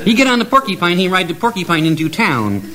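A playful male storyteller spinning a silly fairy tale in deliberately broken grammar. His voice sits a bit high and swoops animatedly, with frequent chuckles. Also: sing-song, a crowd in the background. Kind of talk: comic oral storytelling.

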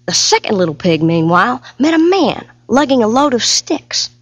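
A woman telling a fairy tale in a folksy, lively storytelling voice, full of homespun comparisons. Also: on the high side, normal speed. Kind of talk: storytelling to music. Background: loud music.

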